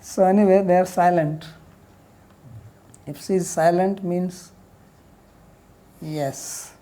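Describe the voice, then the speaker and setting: A woman teaching a lecture on a Sanskrit commentary, reading verses quickly and then explaining them in plain, conversational English. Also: fairly low pitch, fairly even intonation, warm tone. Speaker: teacher of scripture.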